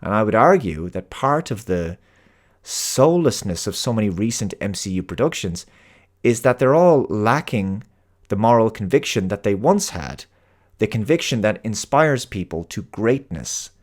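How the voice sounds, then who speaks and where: A man's voice: fairly low pitch, very animated, normal speed. An Irish man hosting his own show, delivering an earnest, emphatic opinion monologue. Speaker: host.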